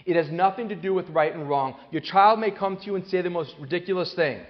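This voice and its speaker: Male lecturer, higher-pitched, animated, acts out little voices for laughs; dull hall recording. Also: quick pace, hardly any pauses. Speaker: speaker on parenting. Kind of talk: lecture to a live audience. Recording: long hall reverb, dull lo-fi sound.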